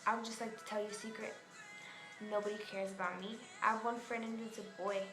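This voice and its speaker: A woman voicing a despairing teenage girl who speaks in a halting, apologetic way. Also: medium pitch, flat delivery, echoey room, music in the background, natural voice. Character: despairing teen girl recording a goodbye.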